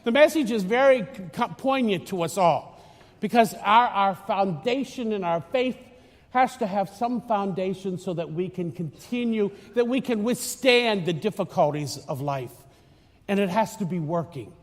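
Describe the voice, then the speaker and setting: High-voiced priest in an echoing church. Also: male voice, normal speed. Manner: chatty, teasing, rambling with many restarts. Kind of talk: conversational homily. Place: church in Florida. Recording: long church reverb.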